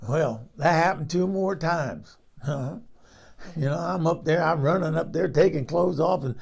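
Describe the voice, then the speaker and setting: A man's voice: on the high side, normal speed, gravelly, a little mellow, husky. A man playing a frank older woman who rambles through a comic story and laughs at herself. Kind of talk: comic character monologue.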